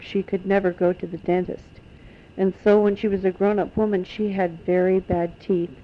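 Older woman storyteller, gravelly voice, homespun animated delivery, dull lo-fi recording. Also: medium pitch. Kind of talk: telling family stories to children.

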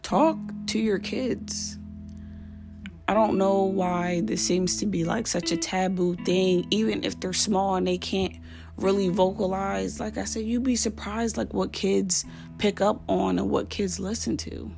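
A woman's voice: mid-range voice, steady tone, a little slow, vocal fry, music in the background. A woman hosting a parenting podcast, giving casual advice in an earnest, heartfelt and direct way. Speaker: podcast host.

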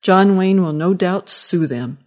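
A fussy, indignant elderly man grumbles his complaints, voiced by a woman reading a storybook aloud. The voice sits on the low side for a woman and stays plainly read rather than heavily acted. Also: unhurried, darkish tone, close to an everyday voice. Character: cranky elderly father-in-law, indignant and confused.

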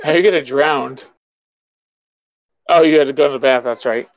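A man's voice: mid-range voice, normal speed, lo-fi sound. A man hosting a podcast, chatting casually, teasing his guest and swearing freely. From New York State, USA. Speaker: podcast host. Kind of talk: casual chat.

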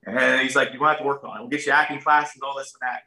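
This is a man, a guest swapping stories on a podcast. His voice is bright and forward. He talks in a folksy, animated way and slips into the voices of the people he describes. The room gives a noticeable echo. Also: medium pitch, very fast, distant mic. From Ohio, USA. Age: 30s. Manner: folksy, animated, acts out other people's lines. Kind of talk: casual storytelling.

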